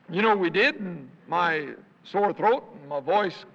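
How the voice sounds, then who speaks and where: An older man with a hoarse voice, a traveling evangelist telling folksy stories in a sermon and acting out the people he quotes. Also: sits high, animated, measured pace, a bit bright. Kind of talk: anecdotal sermon storytelling with jokes. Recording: reverberant hall, dull lo-fi sound.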